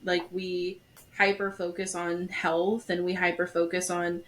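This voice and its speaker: A woman's voice: on the low side, completely flat delivery, a little slow, fairly bright tone, slight background noise. A woman podcast host telling a personal story in a candid, conversational way. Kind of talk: casual podcast chat.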